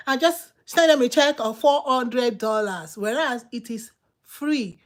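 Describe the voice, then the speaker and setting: This channel host is a woman with a Nigerian accent and a high-pitched voice at normal speed. Her advice comes across as casual but insistent and preachy, with deliberate repetition for effect.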